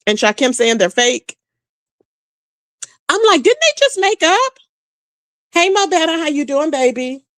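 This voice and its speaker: A woman's voice: sits high, dry recording. A woman hosting a casual livestream, sassily commenting on reality-show gossip and greeting chat viewers. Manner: sassy, animated, talks straight to chat viewers. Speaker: livestream host.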